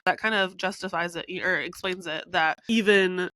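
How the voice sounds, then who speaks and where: A young woman hosting a beauty podcast, talking with a sick, congested voice. She is chatty and rambling, with a bright, forward tone. The sound is close and dry. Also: on the low side, moderate pace, no echo, low-quality recording. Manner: chatty, long-winded, laughs often. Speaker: podcast host, brow artist. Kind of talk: casual educational podcast.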